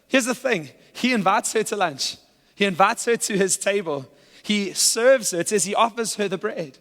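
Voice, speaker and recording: A man's voice: high-pitched, a bit bright. A man preaching a sermon as pastor, earnest and at times playful with laughter. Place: church sanctuary. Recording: church hall with long reverb.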